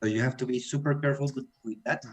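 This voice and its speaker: A man speaking English with a Latin American Spanish accent, mid-pitched and easygoing. He co-hosts a casual radio talk and patiently retells a guest's account for listeners. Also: very fast. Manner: relaxed, summarizes and translates for others. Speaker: co-host language teacher.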